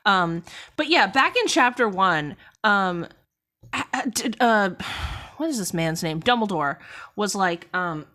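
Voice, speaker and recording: A rambling, animated woman streamer. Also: mid-range voice, takes it slowly. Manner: rambling, animated, frequent self-interruptions. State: coughing. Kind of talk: casual live-stream book critique chat.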